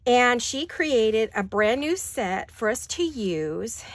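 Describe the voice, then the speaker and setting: High-voiced chatty woman crafting vlogger. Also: animated, slow pace, dry recording. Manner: chatty and gushing, with sighs and little laughs. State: out of breath. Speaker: crafting channel host. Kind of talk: casual crafting chat to camera. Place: home craft studio.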